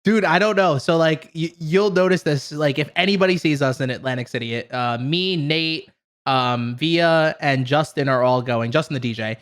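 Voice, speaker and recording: A man's voice: on the high side, moderate pace, fairly bright tone. A young man co-hosting a podcast over a video call, easygoing and teasing in casual chat. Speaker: podcast co-host.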